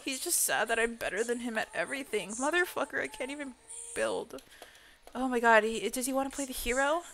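A woman's voice: fairly high pitch, expressive, fairly quick, fairly bright tone. A young woman streaming a game and chatting casually, swearing constantly and playfully. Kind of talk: casual gameplay chat.

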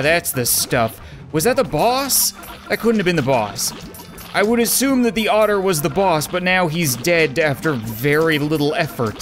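A man hosting a let's play, giving casual, joking, rambling gameplay commentary. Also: a little high. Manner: joking, rambling, self-mocking.

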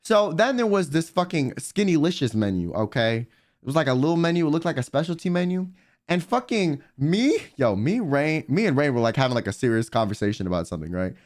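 A young man, a livestreamer, telling a story in a casual, animated and profane way. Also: fairly high pitch, fairly quick. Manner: animated, profane, swings loud and quiet. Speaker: vtuber and livestreamer.

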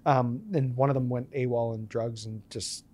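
A man's voice: medium pitch, normal speed, a little hiss or hum. A man in his thirties, a podcast guest, telling stories and acting out the dialogue in them. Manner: animated storyteller acting out quoted dialogue. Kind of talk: storytelling interview.

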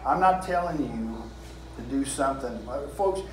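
A man's voice: medium pitch, expressive, moderate pace. A man in his fifties with a Southern US drawl, preaching an informal sermon and reading scripture. He talks in a folksy way, repeats phrases and asks the room questions. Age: 50s. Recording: echoey room with faint hiss.

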